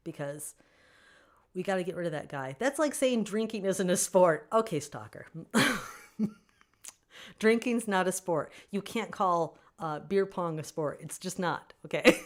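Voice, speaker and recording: A woman with a lower-pitched voice chats casually on a livestream, reading out and answering fans' comments. She is animated and opinionated and laughs easily between thoughts. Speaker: author hosting a fan Q&A stream.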